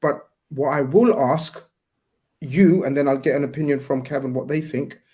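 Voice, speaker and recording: A man hosting a call-in show, polite and measured, speaking with formal courtesy to a caller. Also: fairly high pitch, dark tone. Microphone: video call.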